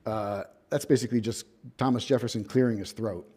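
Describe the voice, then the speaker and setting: A man's voice: on the low side, fairly even intonation, brisk, dark tone, slightly rough. A man, a visiting professor, giving an academic lecture in a lecture hall, telling history with storytelling emphasis and wry asides.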